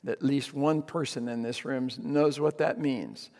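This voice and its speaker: A man's voice: medium pitch, steady tone, measured pace, darkish tone, long reverb tail. A man preaching a sermon as pastor, telling a story with frequent ums and restarts.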